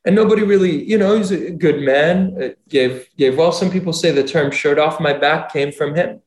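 A man's voice: fairly high pitch, moderate pace, darkish tone. A man who does surgical missions abroad, earnestly retelling a story and acting out the quoted dialogue. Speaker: surgeon doing medical missions. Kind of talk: casual storytelling talk. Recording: roomy echo.

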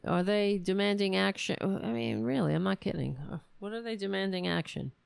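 A woman's voice: medium pitch, fairly quick, creaky, clean tone, no room sound. A woman hosting a political commentary show, talking in a sarcastic, profane and exasperated way. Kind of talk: casual political rant.

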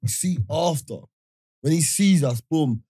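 Husky high-voiced man telling a lively story. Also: unhurried, dry recording. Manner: animated storyteller, slips into a fake Jamaican accent. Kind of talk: casual chat.

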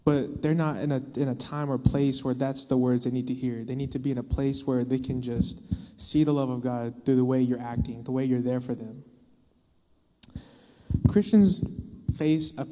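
A young man preaching a casual sermon into a microphone, dropping into acted-out quotes and sudden loud bursts for emphasis. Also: mid-range voice, fairly even intonation, moderate pace. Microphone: microphone in a hall. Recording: long hall reverb.

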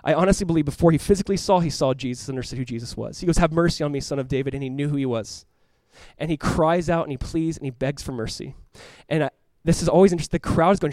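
A man preaching a sermon as pastor, animated, acting out voices and swinging from loud cries to hushed, earnest tones. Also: a little high, rapid-fire, dry recording. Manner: animated, acts out voices of the crowd and the blind man.

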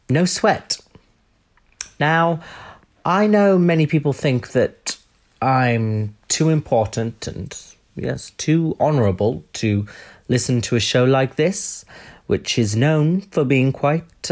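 A man doing a comic impression of a pompous, self-pitying posh middle-aged royal man. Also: medium pitch. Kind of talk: comedic impression.

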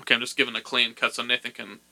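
A man's voice: mid-range voice, flat delivery, racing, creaky, pushed and bright. A man hosting a podcast, chatting casually with a goofy, jokey, playful mock-motivational delivery. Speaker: podcast host. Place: podcast studio room.

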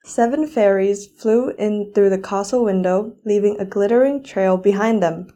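A teenage girl reading a fairy tale aloud in an expressive storybook style. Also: medium pitch, normal speed. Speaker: student reader.

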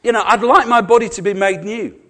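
A man's voice: sits high, fairly quick, fairly bright tone. A middle-aged man preaching a sermon, chatty and humorous, with wry asides.

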